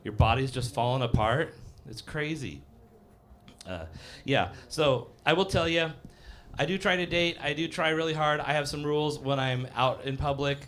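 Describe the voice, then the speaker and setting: A man's voice: on the high side, normal speed, a bit bright, a little hiss or hum. Rambling self-mocking man in his fifties. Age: 50s. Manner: rambling, self-deprecating, filler-heavy delivery with acted-out voices. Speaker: stand-up comedian. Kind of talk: live stand-up set. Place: live comedy cafe stage.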